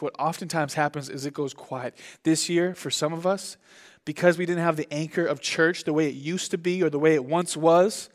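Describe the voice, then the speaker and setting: A young pastor with a fairly high voice preaches a sermon in an animated, conversational style, his voice swinging widely.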